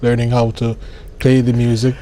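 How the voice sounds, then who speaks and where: A man interviewing, asking slow questions with hesitant fillers. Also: mid-range voice, monotone, dark tone. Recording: faint background noise.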